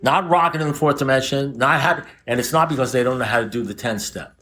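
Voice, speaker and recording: A man's voice: medium pitch, quick pace, a bit bright. A man in his seventies speaking to a recovery group, blunt and profane, mixing warnings with jokes. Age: 70s. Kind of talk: recovery meeting talk. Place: recovery meeting room with a group.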